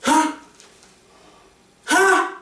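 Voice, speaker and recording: A man giving an impassioned motivational monologue, preachy and emphatic, repeating his phrases and often rising to a shout. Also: drawn-out words. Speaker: motivational speaker. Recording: very echoey room, voice far from the mic.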